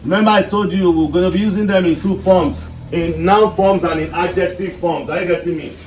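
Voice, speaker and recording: Nigerian male teacher, fairly high voice, heard from across an echoey classroom; drills students with questions. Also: fairly even intonation, a little fast, a little mellow. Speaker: English teacher. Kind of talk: classroom lesson. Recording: echoey classroom, mic far off, faint noise.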